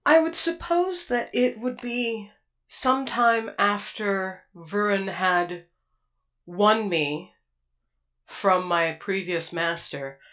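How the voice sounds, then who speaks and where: A woman's voice: medium pitch, a bit bright. Stiff and correct: a polite droid, played by a woman. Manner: stiff, formal and precise.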